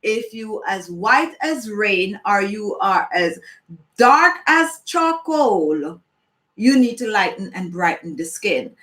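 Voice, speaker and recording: A woman's voice: medium pitch, sing-song, slow pace, fairly bright tone, roomy sound. A woman from Jamaica with a Jamaican accent, hosting a beauty channel and chatting live with viewers in a playful, emphatic way. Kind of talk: live chat answering viewers.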